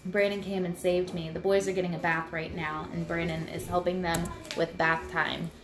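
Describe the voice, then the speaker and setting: A woman's voice: on the low side, flat delivery, normal speed. A woman in her thirties talking casually on a live home video, chatty and rambling as she shares tips. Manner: chatty and rambling, self-deprecating. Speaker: host sharing mindfulness tips. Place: room at home. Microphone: computer mic. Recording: roomy echo, faint room noise.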